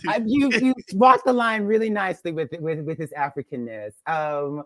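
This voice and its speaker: A woman in her fifties, a guest joining by video call, telling stories in a lively, laughing, expressive way. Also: low voice, moderate pace, a crowd in the background. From United States. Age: 50s. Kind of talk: casual chat.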